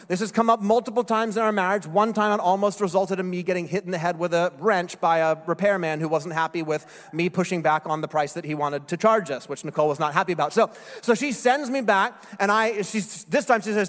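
Male pastor, sermon, relaxed storyteller with dry self-mocking humor, slightly raised pitch, echoey church hall. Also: fairly quick. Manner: conversational storytelling with wry self-deprecating humor. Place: church sanctuary. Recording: echoey hall with long reverb.

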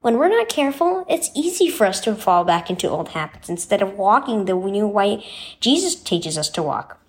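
Woman voicing a patient, gentle mother. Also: medium pitch, sing-song, normal speed, close to an everyday voice. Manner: patient, instructive. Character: patient gentle mother teaching her son.

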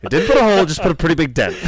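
A young man chatting casually on a podcast with sarcastic, joking asides. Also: fairly high pitch. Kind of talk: casual chat.

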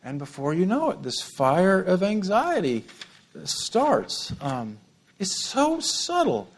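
A middle-aged male pastor preaching an animated sermon, with humorous asides and repeated words. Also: high-pitched, slow.

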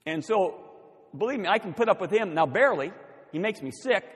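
An older man, preaching a sermon as pastor and telling a story with animated, building emphasis. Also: sits high, a little fast, breathy edge. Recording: long reverb of a church hall.

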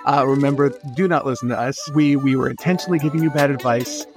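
A man hosting a comedy podcast, chatting playfully with quick self-deprecating asides. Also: medium pitch, music in the background. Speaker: podcast host. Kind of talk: casual comedic podcast chat.

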